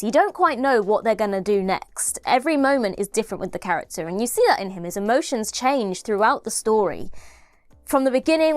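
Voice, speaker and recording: On the high side and clean in tone, with no echo, this woman's voice carries an excited, talkative review of a TV episode. She keeps restarting phrases and correcting herself as she goes.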